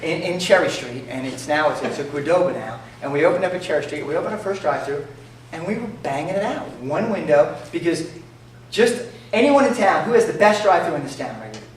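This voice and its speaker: Animated New York man, echoey and distant. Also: fairly high pitch, fairly quick. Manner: animated, jokey, acts out dialogue. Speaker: entrepreneur speaker. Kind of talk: storytelling talk to an audience. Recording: echoey room from far off, faint noise.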